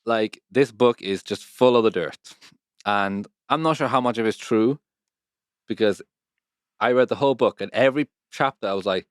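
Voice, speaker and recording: Male host, low voice, casual and sweary, dry sound. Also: moderate pace, clean tone, no room sound. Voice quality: swears freely, laughs often. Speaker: podcast host. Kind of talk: casual chat.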